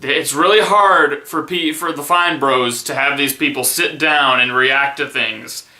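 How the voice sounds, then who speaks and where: A man's voice: a little high, measured pace, pushed and bright, roomy sound. A young man giving sarcastic, mock-enthusiastic reaction commentary. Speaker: comedic reaction vlogger.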